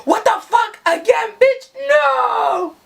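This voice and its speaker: A woman's voice: medium pitch, a little slow, sharp tone, voice pushed down. A woman voicing a jealous young man who whines, cries and pleads in a dramatic story reading. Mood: shouting. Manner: whiny, crying, pleading.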